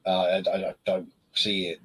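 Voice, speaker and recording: Husky-voiced man chatting about beer. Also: sits low, little pitch movement, moderate pace, a bit bright, poor audio. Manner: rambling, hesitant, many fillers and restarts. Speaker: beer reviewer co-host. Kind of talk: casual chat.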